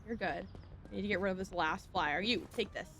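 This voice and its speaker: A woman's voice: mid-range voice, fairly quick, fairly bright tone. A woman streaming a video game, chatting casually in a rambling way and apologizing often, with faint music behind her. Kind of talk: casual gameplay commentary.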